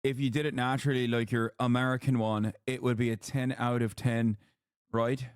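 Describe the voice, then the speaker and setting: A man's voice: medium pitch, level tone, normal speed, clear, resonant tone, dry recording, clean studio sound. A man streaming and reacting to clips, talking casually and bluntly, swearing and joking. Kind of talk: casual commentary.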